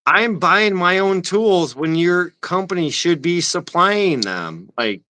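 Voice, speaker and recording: Bright-voiced man ranting about work. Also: high voice, takes it slowly. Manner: ranting, profane, animated. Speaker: machine shop worker. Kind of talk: casual chat.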